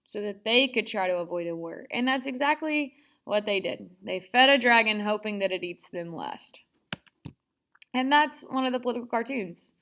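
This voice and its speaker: A woman's voice: fairly high pitch, sharp tone. A young woman teaching a casual history lesson, chatty and sarcastic, acting out quotes in playful voices.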